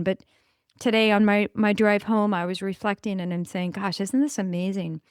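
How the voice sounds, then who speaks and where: Woman podcast host, casual solo chat, enthusiastic and rambling, mid pitch. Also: fairly even intonation, normal speed, smooth, dry recording, studio quality. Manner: enthusiastic, rambling, with self-corrections.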